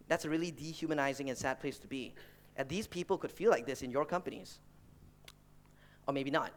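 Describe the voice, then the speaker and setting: A man in his thirties giving a business talk to an audience, telling stories and acting out the people in them. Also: a little high. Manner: animated storyteller who acts out family members and colleagues. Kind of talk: stage talk with acted anecdotes.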